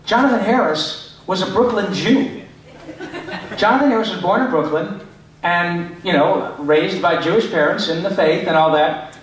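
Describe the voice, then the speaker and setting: A middle-aged man from Michigan with a slightly raised voice, animated and quick to joke as he fields fan questions at a convention panel. The sound comes from a distance and rings around a big, echoing hall. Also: on the high side, slight background noise. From Michigan, USA. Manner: animated, joking, chatty. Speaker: voice actor guest answering fan questions. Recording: echoey hall, picked up from far off.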